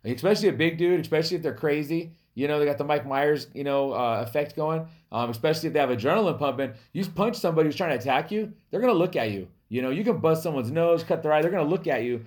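A man from a Native American reservation hosting a podcast, telling stories in a casual, animated way, laughing often and acting out the people he quotes. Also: fairly high pitch, fast talker, hardly any pauses. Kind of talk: casual storytelling chat.

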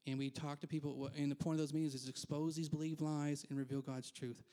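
A man's voice: on the high side, flat delivery, fast talker, dark tone. A man preaching a conversational sermon as pastor in a church, candid and self-deprecating, with frequent asides.

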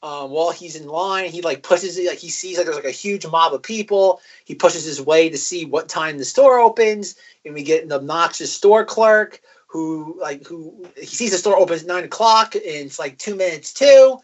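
A man's voice: fairly high pitch, moderate pace, few pauses. A man co-hosting a podcast, recapping a film casually with lots of fillers. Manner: rambling, filler-heavy storytelling. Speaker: podcast co-host.

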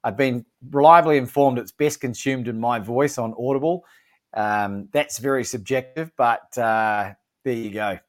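Australian man, podcast guest, upbeat, emphatic, middle pitch, casual interview talk. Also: a little slow.

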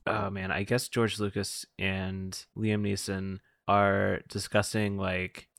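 A man's voice: lowish voice, level tone, takes it slowly, creaky, fairly bright tone, no echo, clean studio sound. A man cohosting a comedy podcast, talking hesitantly with many fillers. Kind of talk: improv comedy chat.

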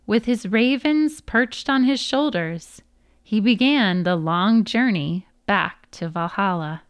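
A woman's voice: medium pitch, takes it slowly, smooth, dry recording, clean studio sound. A woman reading a children's book aloud, careful with her words and stopping to spell out hard names. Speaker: storyteller.

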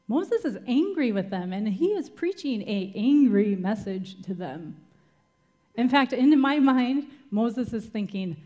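A woman's voice: medium pitch, very animated, unhurried, dark tone. A woman giving a sermon as a Bible teacher, retelling scripture dramatically and asking the listeners rhetorical questions.

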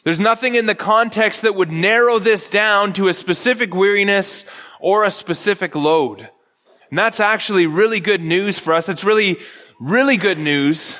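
A man's voice: high-pitched, moderate pace, sharp tone, long reverb tail. A man preaching a sermon as pastor, earnest, often repeating phrases and restarting with stammers.

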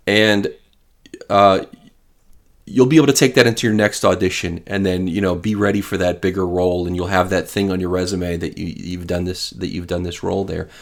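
A man's voice: low-pitched, level tone, a little fast. A man hosting an interview, chatting casually and encouraging listeners. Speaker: interview host.

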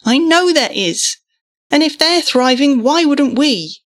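A woman doing Jeremy, a high tearful boy. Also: extremely slow. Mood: insistent. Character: desperate boy pleading with his parents.

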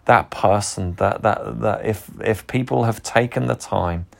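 A man's voice: lowish voice, measured pace, gravelly. A man, a pastor, giving an earnest, reflective sermon and often repeating words as he starts a thought.

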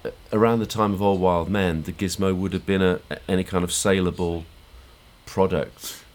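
A podcast host with a deep, somewhat mellow voice speaks at a moderate pace with little pitch movement. In his home studio room he chats casually and hesitantly, full of fillers and restarts, during a casual chat and wrap-up.

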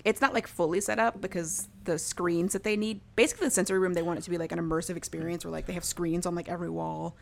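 Young woman, casual podcast recap, rambling and chatty, fillers and laughs, slightly low voice. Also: steady tone, quick pace, vocal fry, hardly any pauses. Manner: chatty, heavy use of "like", frequent laughs.

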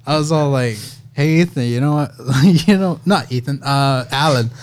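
A man's voice: medium pitch, normal speed, smooth. Joking young man chatting. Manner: joking, laughs at his own lines. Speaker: podcast co-host. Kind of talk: casual chat.

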